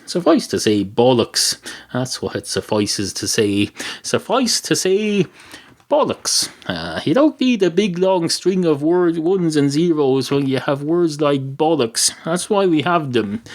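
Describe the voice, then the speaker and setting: A man's voice: on the high side, a little mellow. An Irish man hosting a solo comedy podcast, rambling and sardonic, with many "uh" fillers and mock-outraged asides. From Ireland. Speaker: podcast host.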